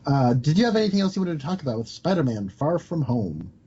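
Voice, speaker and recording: A man co-hosts a podcast in relaxed, hesitant chat. His voice is husky and mellow, and the recording is dull and lo-fi. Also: fairly high pitch, fast. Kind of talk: casual chat.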